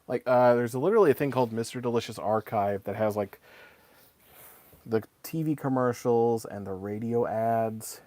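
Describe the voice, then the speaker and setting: A man's voice: mid-range voice, a little slow, warm tone, no room sound. A man in his thirties chatting casually and rambling while he paints on a live stream. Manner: rambling and conversational, many fillers. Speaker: streamer and voice actor.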